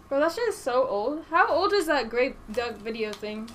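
Woman, fairly high voice, live-stream gamer, casual, swears a lot, talks to chat. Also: animated, moderate pace, a little hiss or hum. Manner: swears freely, reads and answers chat aloud.

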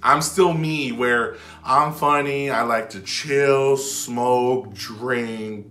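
A man telling a personal story to camera in a rambling, casual way, full of "like" and restarts, sometimes dropping to a hush. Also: mid-range voice, very slow. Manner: drops to a hush when retelling whispered moments. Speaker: vlogger. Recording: echoey room with faint background music.

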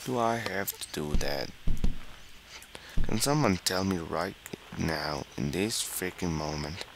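A man's voice: low-pitched, takes it slowly, fairly bright tone, slight background noise, poor audio. A man giving let's play commentary, exasperated and goofy, swearing and using silly mild oaths as he plays.

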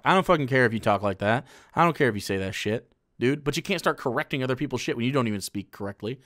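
A man's voice: medium pitch, fast. A man streaming live, ranting sarcastically and profanely as he reacts to a clip. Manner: sarcastic, profane, animated rants.

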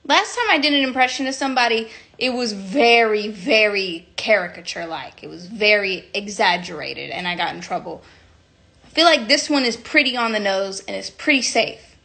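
A woman's voice: medium pitch, animated, normal speed, creaky, sharp tone. A young woman chatting casually on a phone livestream, giggling, rambling and cutting herself off mid-sentence. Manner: giggly, rambling, self-interrupting.

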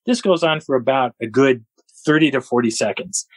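Male guest storyteller, husky and animated, acts out sounds and voices, dry close recording. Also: mid-range voice, normal speed, no echo, rough recording. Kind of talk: storytelling a personal encounter.

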